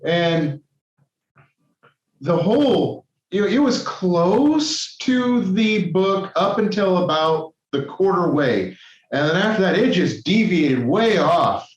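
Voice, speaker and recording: A man co-hosts a casual podcast, rambling and correcting himself as he talks. His voice sits a bit high for a man. The recording sounds roomy and dull, with a lo-fi edge. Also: lively intonation, takes it slowly. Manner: rambling, self-correcting, many restarts. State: tired and caffeinated. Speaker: podcast co-host.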